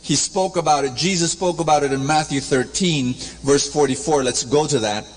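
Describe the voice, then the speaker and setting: A man's voice: on the high side, moderate pace. A man in his fifties with a Filipino accent, preaching an anecdote-filled sermon and coaxing the congregation to repeat his lines. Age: 50s. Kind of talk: sermon with call-and-response. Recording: long church reverb, faint music.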